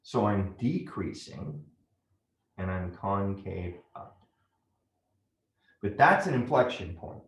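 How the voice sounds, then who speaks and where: Guy walking through a math lesson, lowish voice, goes up and down a lot, roomy echo. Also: expressive, takes it slowly, long pauses. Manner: step-by-step, checks in with "right?". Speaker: math teacher.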